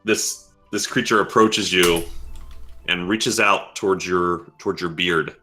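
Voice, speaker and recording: A man narrates a tabletop game as dungeon master, stopping often with fillers. His voice is low but bright and his pace is slow. Faint music plays underneath. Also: steady tone. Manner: halting, with many fillers.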